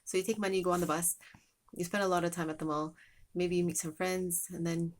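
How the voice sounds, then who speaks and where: A woman's voice: on the low side, steady tone, quick pace. A woman telling a meandering, casual story as a lesson, with many fillers and restarts.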